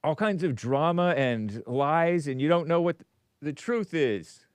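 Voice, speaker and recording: Hosting a laid-back call-in radio show, a man thinks out loud in a rambling way, cutting himself off mid-phrase and chuckling. His voice is fairly high, clear and resonant, a little slow, and the recording is dry.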